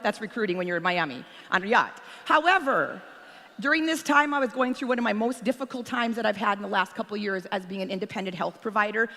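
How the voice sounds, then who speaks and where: A woman giving an animated motivational talk at a convention, telling stories and acting out quotes. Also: on the high side. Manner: animated storytelling, acts out quotes. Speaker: conference speaker. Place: large convention hall. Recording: long hall reverb.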